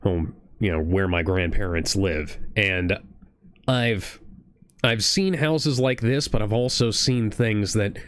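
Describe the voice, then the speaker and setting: The Ohio co-host speaks slowly at a fairly low pitch, with no room sound, from his home streaming setup. He's rambling earnestly through a casual reaction chat, restarting many times.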